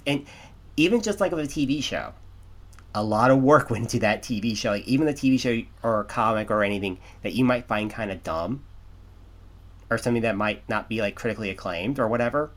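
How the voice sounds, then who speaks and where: A man's voice: fairly low pitch, fairly quick. Rambling man in casual podcast chat. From United States. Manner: rambling, many restarts and "like"s. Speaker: podcast co-host.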